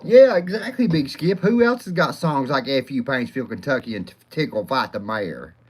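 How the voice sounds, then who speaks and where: Hosting a rowdy live stream, a man talks at a moderate pace in an expressive, medium-pitched, slightly rough voice. He rambles, swears freely, laughs a lot, and names viewers as he goes.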